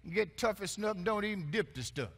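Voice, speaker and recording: A male pastor delivers a sermon. His voice sits high and swings widely in pitch. He calls out to the congregation, jokes, and laughs along with them. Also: animated, fairly quick, creaky, fairly bright tone. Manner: call-and-response preaching, playful and laughing.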